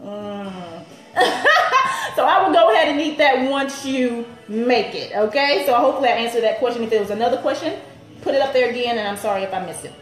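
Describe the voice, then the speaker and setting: A woman's voice: fairly high pitch, a little fast, reverberant, low-quality recording. A woman personal trainer in her thirties, chatting upbeat on a live stream to viewers and laughing often.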